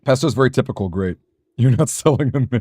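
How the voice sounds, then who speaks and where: Animated and a little fast, a man with a medium-pitched, darkish voice and a breathy edge streams a game in clean studio sound with no room sound. He chats casually with viewers, rambling, self-deprecating and laughing often.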